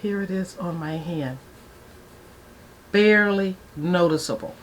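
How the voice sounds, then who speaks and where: A woman in her sixties chatting to viewers while doing her makeup, excitable and gushing about her products. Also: lowish voice, measured pace. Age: 60s. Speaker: beauty vlogger. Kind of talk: get-ready-with-me makeup chat.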